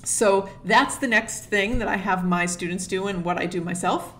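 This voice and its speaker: Woman string teacher, methodical and steady, mid-pitched voice, laying out practice steps one by one. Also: normal speed. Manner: sings rhythms on nonsense syllables to illustrate. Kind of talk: instructional explanation to camera.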